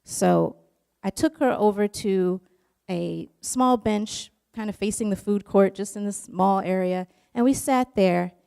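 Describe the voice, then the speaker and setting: A woman telling a personal story in an earnest, emotional way. Her voice sits at a middle pitch with a gravelly fry in it, and her sentences roll on in long runs. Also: measured pace, mellow.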